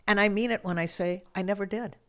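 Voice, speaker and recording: A woman's voice: mid-range voice, fairly even intonation, quick pace. A woman earnestly sharing a personal faith testimony, retelling conversations as she goes. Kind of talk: personal storytelling.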